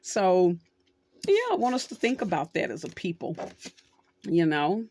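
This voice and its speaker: A woman's voice: fairly low pitch, expressive, unhurried, darkish tone, no room sound. A middle-aged woman hosting her channel, talking casually and telling a story with acted quotes. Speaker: social worker and channel host. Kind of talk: casual talk to camera.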